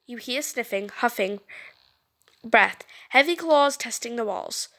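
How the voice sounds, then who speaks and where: A woman reading a story game aloud, animated and stumbling over words now and then. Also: a little high, moderate pace. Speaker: game streamer.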